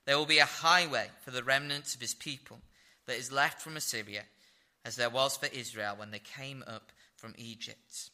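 A man's voice: mid-range voice, steady tone, moderate pace, pushed and bright. A man preaching a sermon, reading scripture aloud and explaining it verse by verse. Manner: expository Bible teaching with fillers.

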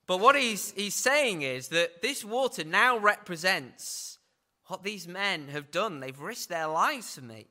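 Bright-voiced man preaching. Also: high-pitched, lively intonation, slow pace. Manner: conversational preaching with rhetorical tag questions. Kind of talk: sermon.

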